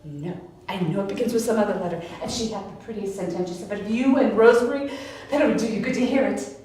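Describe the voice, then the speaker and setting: A woman's voice: mid-range voice, fast talker, mellow, close to an everyday voice. A woman playing a fussy, teasing old nurse. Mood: gossipy. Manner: chatty, teasing, complaining. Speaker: stage actor. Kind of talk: live outdoor Shakespeare performance. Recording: echoey, distant camera mic, faint noise.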